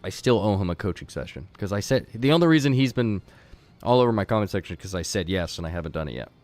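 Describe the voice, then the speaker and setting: A man's voice: fairly low pitch, expressive, quick pace, darkish tone, soft background music. A man hosting a game tournament on a live stream. He talks casually to his chat, rambling with fillers and restarts.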